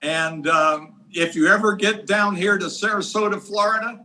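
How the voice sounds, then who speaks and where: A man's voice: sits high, steady tone, moderate pace, sharp tone, slight background noise, rough recording. A man hosting a podcast, speaking in a friendly way as he wraps up a conversation.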